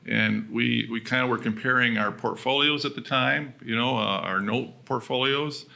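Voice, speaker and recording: Gravelly, bright man. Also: mid-range voice, fairly even intonation, normal speed. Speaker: co-founder of a mobile home business. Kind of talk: casual conversation.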